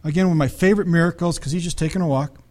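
A man with a notably high voice preaches to his congregation. He reads scripture passages aloud and breaks in with casual asides. He keeps asking his listeners whether they follow. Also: racing, darkish tone. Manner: conversational preaching with frequent checks to the congregation. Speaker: pastor. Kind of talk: sermon.

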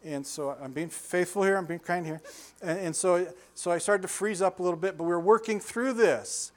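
A man's voice: high voice, moderate pace. A man in his sixties preaching a conversational sermon, telling folksy stories, chuckling often and putting questions to his listeners. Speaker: pastor.

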